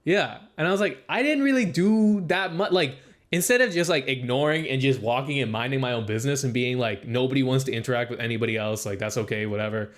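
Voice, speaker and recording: A young man co-hosting a casual podcast, telling a long story full of "like" and acting out what people said. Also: quick pace. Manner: rambling storytelling, heavy use of "like"; acts out quoted speech with raised pitch. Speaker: podcast co-host. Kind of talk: casual chat.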